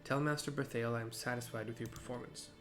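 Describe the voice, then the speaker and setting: A man voicing a stern, disdainful master swordsmith and father in a game, reading his lines in a formal, measured way at an ordinary pitch. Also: fairly even intonation, music in the background, natural voice.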